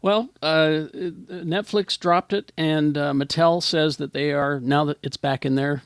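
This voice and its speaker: A man's voice: on the high side, steady tone, unhurried, clean tone, dry recording, clean studio sound. A man hosting a casual live geek-culture chat show, rambling and self-deprecating, laughing often. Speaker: podcast host.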